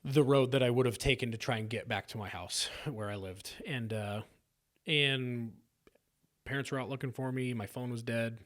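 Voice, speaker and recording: Casting note: earnest man from Sacramento, candid storyteller, mid-pitched voice, stumbling restarts. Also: normal speed. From South Sacramento, California. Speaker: podcast guest.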